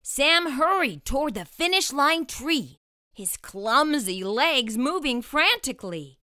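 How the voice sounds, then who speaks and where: A woman reading a rhyming children's picture book aloud, slow and expressive. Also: sits high, no echo, studio quality. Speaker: storyteller. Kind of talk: children's storybook read-aloud.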